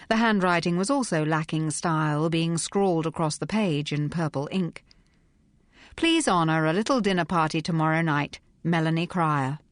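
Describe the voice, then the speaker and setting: A woman narrating an audiobook in a measured, unhurried storytelling manner, close to a studio mic. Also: low-pitched, dry recording. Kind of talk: scripted narration.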